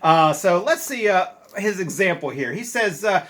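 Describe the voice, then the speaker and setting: Man, children's author, bright high voice, lively, chatty reading. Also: moderate pace. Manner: animated, chatty, many uh fillers. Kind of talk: casual reading to young readers.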